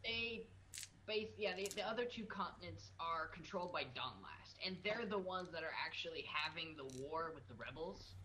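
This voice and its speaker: Halting, filler-heavy tabletop game master; noisy mic. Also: medium pitch, lively intonation, sharp tone. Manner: halting, many fillers and restarts.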